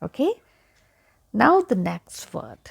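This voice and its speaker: A woman teaching English pronunciation, saying each word slowly and repeating it several times. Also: medium pitch, very animated, vocal fry, slightly rough. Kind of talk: pronunciation lesson.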